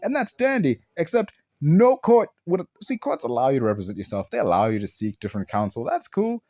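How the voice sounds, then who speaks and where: A man's voice: mid-range voice, big pitch swings, brisk, mellow, no echo. Exasperated swearing man, dry sound. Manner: exasperated, heavy swearing, rhetorical questions. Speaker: film reviewer. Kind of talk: profane ranting movie review.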